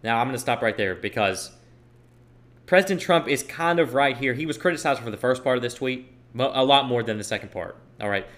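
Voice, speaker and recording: A man's voice: medium pitch, lively intonation, brisk, a bit bright. A young man giving an opinion monologue on politics, emphatic and repeating phrases for stress while he reads posts aloud. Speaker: political commentator.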